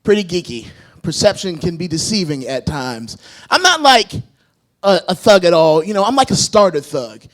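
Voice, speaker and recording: A man with a notably high voice performing stand-up comedy on a club stage. He is self-mocking and animated, and often laughs at his own jokes while speaking into a handheld mic. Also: normal speed.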